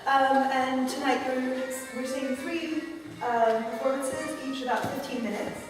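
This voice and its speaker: A woman's voice: high voice, steady tone, unhurried, music in the background. A woman welcoming an audience as event host in an informal, hesitant way full of ums, recorded from far off in an echoey dance studio. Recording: echoey hall, mic far off.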